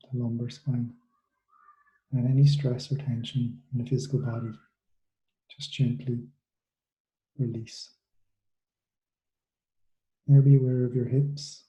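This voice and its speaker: A man guides a relaxation meditation in a very dark, mellow voice that barely rises or falls. He gives soft instructions slowly, with long pauses between them, and the room sounds echoey. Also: mid-range voice. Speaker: mindfulness coach for students.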